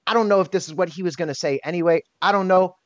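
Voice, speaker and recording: A man's voice: high-pitched, rapid-fire, no room sound. A man in his thirties, a podcast guest telling a personal story candidly, emotional and blunt, swearing casually and restarting often. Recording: dull lo-fi dry sound.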